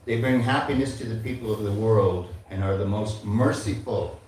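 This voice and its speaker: Heard from a distance in a large temple hall full of echo, a temple speaker in his seventies leads a devotional class, reciting Sanskrit verses and turning to the audience with asides. His voice is on the low side and darkish, moving at a moderate pace, and there is slight background noise.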